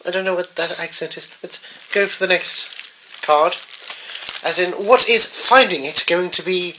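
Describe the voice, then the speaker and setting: A man's voice: high-pitched, normal speed, bright, forceful tone, slight background noise, rough recording. A man playing a pompous, officious male radio presenter in improvised comedy, speaking in a prim and stuffy manner. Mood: haughty. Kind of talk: improvised comedy role-play.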